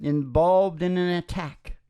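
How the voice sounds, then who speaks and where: A man's voice: fairly high pitch, steady tone, slow, mellow, clear, resonant tone. A man hosting a live country music show, singing covers and chatting with a rambling, laughing manner. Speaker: host of a music and talk show. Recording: live acoustic guitar music. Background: acoustic guitar.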